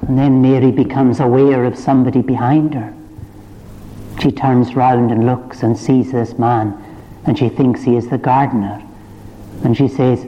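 A man's voice: medium pitch, flat delivery, normal speed, slight background noise. A man preaching a sermon, retelling the story with rising fervour. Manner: impassioned, rising to fervent climaxes. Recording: dull reverberant church recording.

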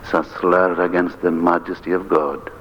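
Older minister preaching earnestly. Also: male voice, deep voice, moderate pace. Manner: earnest, emphatic preaching with lively rises. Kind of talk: sermon. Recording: dull lo-fi archive recording with faint hiss.

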